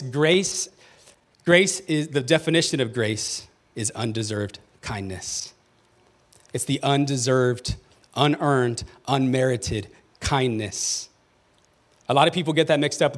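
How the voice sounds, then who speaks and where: A man preaching a sermon from the pulpit, his voice sitting at an ordinary middle pitch. He reads scripture aloud and pushes his lines with rising emphasis. Every so often he calls straight out to the congregation. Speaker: pastor. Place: church sanctuary.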